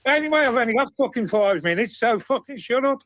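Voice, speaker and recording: A man's voice: extremely high pitch, expressive, quick pace, fairly bright tone. A man calling into a football phone-in, blunt and swearing constantly. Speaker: caller. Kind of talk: casual phone-in call. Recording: dull muffled phone audio.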